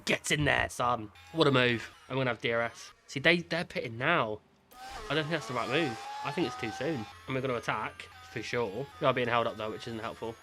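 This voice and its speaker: A man giving excitable, chatty commentary while playing a racing management game, cheering his drivers on. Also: mid-range voice. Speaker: gaming creator.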